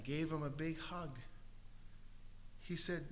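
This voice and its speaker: A man preaching a sermon as pastor, his voice very bright and a touch higher than most men. He tells stories with gentle humor and pleads warmly with his listeners in the auditorium to raise a hand for prayer. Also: steady tone, a little slow, long pauses. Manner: storytelling with gentle humor, pleading altar call. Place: church auditorium.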